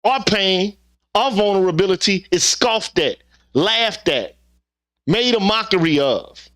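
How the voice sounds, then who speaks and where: A man's voice: high-pitched, animated, a little slow, a bit bright. A man hosting his own channel, delivering a heated opinion monologue with profanity and repeated rhetorical questions. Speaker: channel host.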